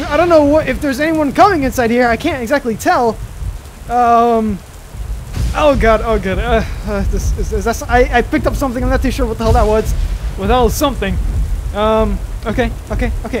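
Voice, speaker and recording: A gaming YouTuber talks to himself through a let's-play, rambling with plenty of fillers, restarts and mild swearing while hot and sweating in a costume in his bedroom. His voice is very high-pitched, animated and quick, with background noise.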